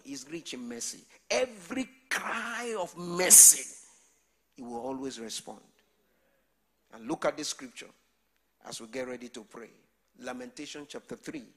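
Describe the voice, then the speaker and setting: A male preacher delivering a sermon with call-and-response. His voice sits a little high for a man. He builds his lines up until he is shouting.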